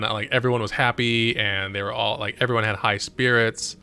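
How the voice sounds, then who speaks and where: A man's voice: medium pitch, fairly even intonation, brisk, few pauses, pushed and bright, clear, resonant tone, faint music behind. A man thinking aloud and muttering as he streams a strategy game. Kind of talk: casual gameplay commentary.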